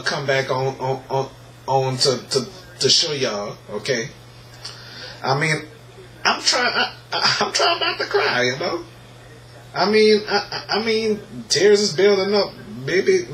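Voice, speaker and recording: A man's voice: mid-range voice, sharp tone. A man, vlogging at home, stammering and repeating words as he tries not to cry. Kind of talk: casual emotional vlog commentary. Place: room at home, filming a TV screen. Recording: echoey room with faint noise.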